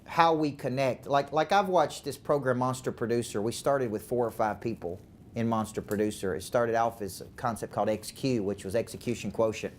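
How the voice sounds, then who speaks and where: A man's voice: medium pitch, fairly even intonation, a little fast, slight background noise. A man with a Southern accent from Tennessee, speaking as a sales coach to a sales team, emphatic and fond of rhetorical questions. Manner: emphatic, repeats words, asks rhetorical questions.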